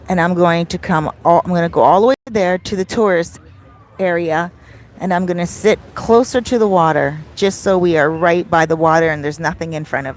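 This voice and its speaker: A middle-aged Canadian woman with a Canadian accent, chatting casually on a beach livestream and reading viewer comments aloud. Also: lowish voice. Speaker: vlogger. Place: outdoors on a beach. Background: faint outdoor street noise.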